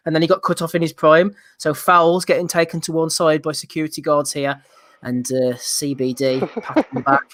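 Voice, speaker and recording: A man's voice: a little high, little pitch movement, a little fast, fairly bright tone, no echo. A British man hosting a casual boxing podcast, laughing often and reading out listener nominations. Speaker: podcast host.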